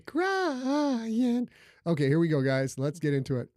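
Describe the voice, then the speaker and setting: Profane, animated male podcast host. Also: fairly high pitch, a little fast, no room sound, studio quality. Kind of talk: casual podcast chat.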